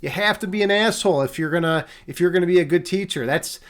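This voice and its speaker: A man's voice: high-pitched, fast, fairly bright tone. A young man from Chicago hosting a live stream, chatting casually with many fillers and repeated words. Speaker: streamer host.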